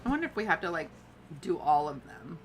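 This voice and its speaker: A woman's voice: deep voice, very animated, a little fast, a little hiss or hum, low-quality recording. Chatty woman streamer thinking aloud. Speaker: game streamer. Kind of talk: casual gameplay commentary.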